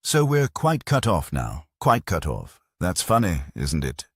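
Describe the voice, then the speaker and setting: A giddy young man with a shrill, excitable voice, as a deep-voiced male narrator puts him on. He pitches up and chatters quickly in a mystery audiobook. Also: breathy edge, no room sound, studio quality, exaggerated voice. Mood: excited.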